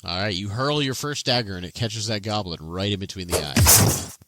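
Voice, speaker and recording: A man narrating a tabletop game as game master, in an animated, playful manner. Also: lowish voice, normal speed, very noisy.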